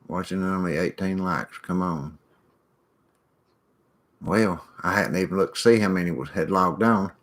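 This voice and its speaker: Folksy low-voiced man chatting with viewers. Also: a bit bright. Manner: folksy, rambling, greets viewers by name. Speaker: livestream host reading viewer chat. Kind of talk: casual chat.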